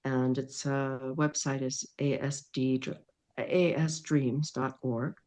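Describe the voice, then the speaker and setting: A woman's voice: very deep voice, fairly even intonation, slow pace, darkish tone. A middle-aged woman, a podcast guest, telling a personal story in an interview, acting out the dialogue and laughing often. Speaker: podcast guest, dream worker.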